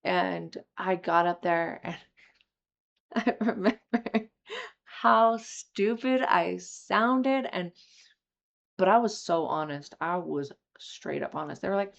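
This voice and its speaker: A young woman candidly telling a personal recovery story, emotional and quick to swear. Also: fairly low pitch, creaky. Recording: slightly dull lo-fi audio.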